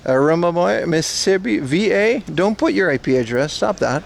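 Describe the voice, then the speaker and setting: Guy on a walking irl stream, kinda high voice, faint street noise, just chatting w chat. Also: lively intonation, moderate pace, vocal fry. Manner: chatty, joking, reads and answers chat. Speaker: livestream host. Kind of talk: casual IRL livestream chat. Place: outdoors on a city street.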